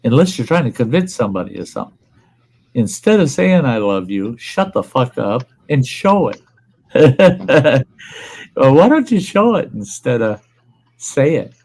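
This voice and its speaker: A man's voice: mid-range voice, big pitch swings, unhurried, gravelly, darkish tone, breathy edge, poor audio. An older man, hosting a casual chat and talking bluntly and plainly, swearing freely. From Upper Midwest US. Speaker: livestream host.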